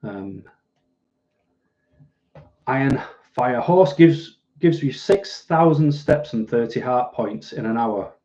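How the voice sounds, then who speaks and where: A man's voice: mid-range voice, lively intonation, slow, pauses often, mellow, muffled recording. A man with a Mancunian accent, hosting a casual livestream and answering viewer comments in a dry, self-deprecating way. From Manchester, England. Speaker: livestream host.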